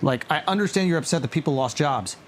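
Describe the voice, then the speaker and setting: A man's voice: fairly high pitch, quick pace, slight background noise. A man in a casual podcast chat, telling stories with laughter. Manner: laughing, animated storyteller.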